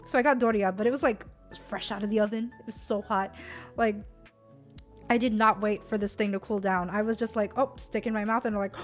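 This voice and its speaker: A woman's voice: mid-range voice, fairly even intonation, a little fast, soft background music. A young American woman streamer chatting casually about a trip, giggly and full of fillers. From United States.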